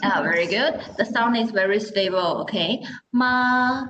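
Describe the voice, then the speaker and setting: A woman's voice: medium pitch, normal speed, fairly bright tone, highs cut off, a little hiss or hum. A woman teaching a Mandarin class. She explains patiently, models sounds for students to repeat, and checks in often by asking "okay?". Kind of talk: classroom language lesson. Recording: roomy echo.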